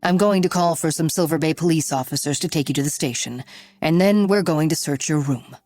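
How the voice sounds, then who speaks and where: A woman's voice: sits low, brisk, darkish tone, natural voice. A woman reader voicing a firm, probing male investigator in an audiobook.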